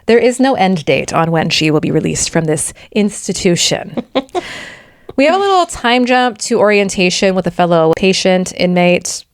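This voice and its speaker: A woman's voice: fairly low pitch, big pitch swings, moderate pace, clean tone, dry recording, studio quality. A woman co-hosting a podcast, chattily recapping a book plot with sarcastic asides and frequent laughs. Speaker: podcast co-host.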